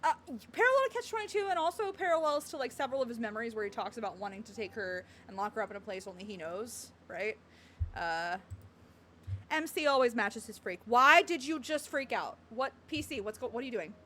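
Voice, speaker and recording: A woman's voice: on the high side, lively intonation, fairly quick, a bit bright, a little hiss or hum. A young woman streaming a game, chatting and reading lines aloud, laughing and snorting often. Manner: giggly, bursts into laughter and snorts.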